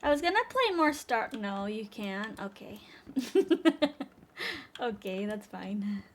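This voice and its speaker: A woman's voice: mid-range voice, very animated, takes it slowly, a little hiss or hum. A young woman hosting a casual livestream from home on a desk microphone, chatty and giggly as she answers her chat. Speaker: livestream host.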